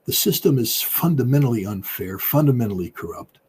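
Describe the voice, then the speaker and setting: A man with a husky voice giving political commentary in an interview, talking in an emphatic, combative way. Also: lively intonation, fairly quick, a little hiss or hum. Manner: emphatic and combative, with big swings in pitch and loudness. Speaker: political commentator, former weapons inspector.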